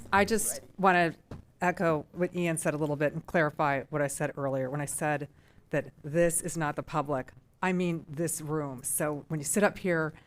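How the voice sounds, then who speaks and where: Woman, middle-aged, low voice, school board member, heartfelt, emotional, rambling, meeting room. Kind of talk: public meeting remarks.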